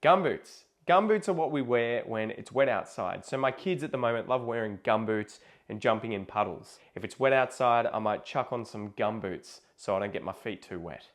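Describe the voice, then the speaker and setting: A man's voice: mid-range voice, lively intonation, moderate pace, hardly any pauses. Laid-back Australian man. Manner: laid-back, acts out everyday slang scenes. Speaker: guest English teacher. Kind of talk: casual teaching with acted examples.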